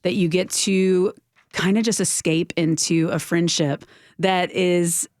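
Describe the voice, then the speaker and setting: A woman's voice: on the low side, steady tone, takes it slowly, no echo, clean studio sound. A middle-aged woman from Texas with a Texan accent, a radio guest telling a personal story with emotion. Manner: warm, emotional storytelling with acted quotes. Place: radio studio.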